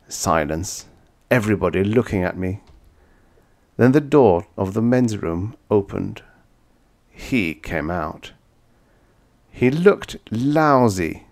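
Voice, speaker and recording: Deep-voiced man narrating a dark audiobook. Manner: dramatic, intense storytelling. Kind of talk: scripted first-person narration.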